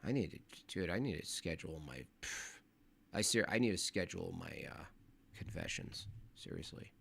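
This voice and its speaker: A man's voice: low voice, expressive, normal speed, vocal fry, fairly bright tone, slight background noise. A man hosting a casual livestream, reacting to videos and reading viewer messages in an exasperated, rambling, slangy manner. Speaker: streamer reviewing videos.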